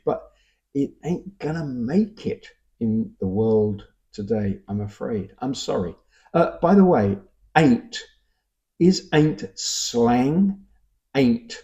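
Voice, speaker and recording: A man's voice: medium pitch, dark tone. Wry older Cockney man, dull recording. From England. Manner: musing, wry, self-interrupting. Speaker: vlogger reading viewer comments. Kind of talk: casual chat. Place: home in Vienna.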